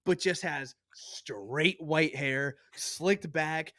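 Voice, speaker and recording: A man co-hosting a podcast, telling a story in a casual, animated, profane way and acting out other people's lines. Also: on the high side, very slow, no echo, studio quality. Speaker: podcast co-host.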